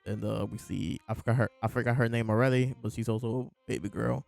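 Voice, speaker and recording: A man's voice: mid-range voice, steady tone, fast talker, creaky, a little mellow, no room sound, soft background music. A man casually reviewing and discussing a comic chapter, rambling with many fillers and chuckles. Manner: laid-back, rambling, lots of fillers and laughs. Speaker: podcast host reviewing a manga chapter. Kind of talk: casual chat.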